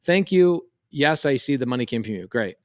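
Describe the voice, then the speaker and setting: A man, telling a lively story on a podcast and acting out the voices. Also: medium pitch, fast, no room sound, clean studio sound. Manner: animated, quotes voices in a story. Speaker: podcast co-host. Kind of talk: casual storytelling chat.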